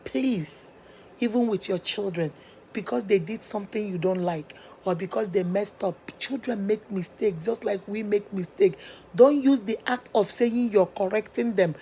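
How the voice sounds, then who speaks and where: A woman's voice: medium pitch, moderate pace, dark tone, a little hiss or hum. A woman, hosting her channel and giving earnest motivational advice from her office, repeating her points for emphasis. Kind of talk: motivational advice talk to viewers.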